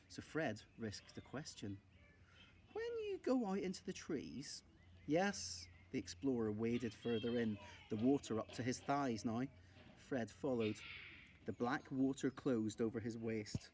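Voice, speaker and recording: A male primary school teacher reading a children's novel aloud in a steady, expressive way. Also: mid-range voice, normal speed, slight background noise.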